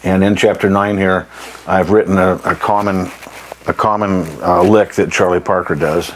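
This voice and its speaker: Deep-voiced man teaching jazz phrasing. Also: flat delivery, moderate pace, slight background noise, low-quality recording. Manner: plain-spoken, emphatic, often clears his throat, scats rhythms. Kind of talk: instructional demonstration.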